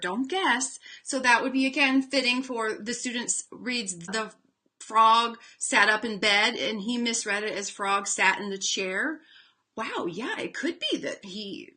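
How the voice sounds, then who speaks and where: Bright-voiced woman teaching reading. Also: mid-range voice. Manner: chatty, demonstrates sounds slowly, frequent fillers. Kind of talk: instructional webinar talk.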